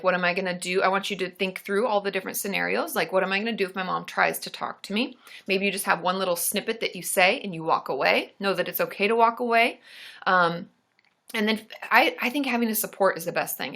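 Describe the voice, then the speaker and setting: A woman's voice: medium pitch, sharp tone. A woman therapist hosting a live stream, giving supportive advice in a chatty, casual way and joking with her partner. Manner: chatty, supportive, casual filler-heavy talk; laughs and jokes with her partner. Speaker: licensed therapist and channel host.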